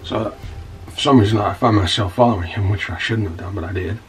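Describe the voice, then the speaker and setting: A man's voice: on the low side, fairly quick, recorded from a distance, soft background music, natural voice, poor audio. Man playing a rambling, profane scoundrel. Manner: rambling, stammering storyteller, blunt and profane. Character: rough-talking scoundrel man telling a wild story. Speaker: narrator.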